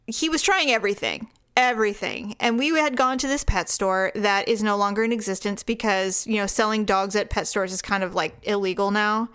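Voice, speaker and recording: A woman co-hosting a podcast, telling a long story in casual chat, animated, swearing freely and laughing often. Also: mid-range voice, smooth. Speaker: podcast co-host.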